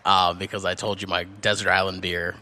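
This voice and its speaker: Bright-voiced man rambling earnestly. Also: deep voice, flat delivery, fairly quick. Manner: rambling, many ums, earnest. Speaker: guest. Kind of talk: casual chat.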